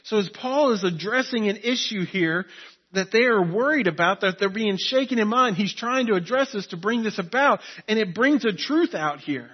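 Man, pastor, sermon, high voice, earnest, repeats phrases for emphasis, dull lo-fi recording. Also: slightly rough.

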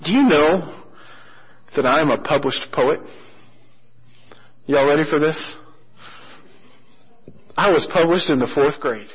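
A man with a slightly raised pitch delivers a pastor's sermon, mixing stories and jokes with stretched-out, emphatic phrases. The recording sounds muffled and lo-fi. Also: husky. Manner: storytelling with humor and emphatic slowing on key phrases.

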